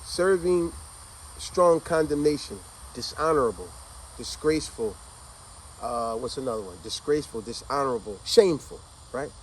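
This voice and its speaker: A man's voice: fairly high pitch, moderate pace, a little hiss or hum, rough recording. A man casually and animatedly retelling a story to his listeners, speaking conversationally.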